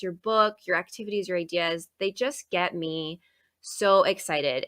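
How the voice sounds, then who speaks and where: A woman hosting an interview, talking in a lively, animated way with lots of fillers and restarts. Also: fairly low pitch, dry recording, clean studio sound. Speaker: podcast host. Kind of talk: casual interview chat.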